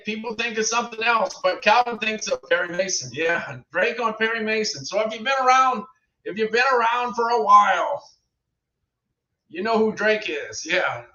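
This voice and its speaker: A man's voice: sits high, bright, forceful tone. A middle-aged man hosting a casual livestream, chatting to viewers in a rambling way and repeating his phrases. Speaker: livestream host reviewing products. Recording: roomy, distant, dull lo-fi sound.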